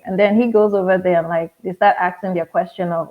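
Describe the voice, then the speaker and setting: A woman with a Nigerian accent, a pharmacist telling stories in a relaxed, wry interview manner, often acting out other people's lines. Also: on the low side, quick pace. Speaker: guest, pharmacist. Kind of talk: conversational interview storytelling. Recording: tinny, phone-like audio.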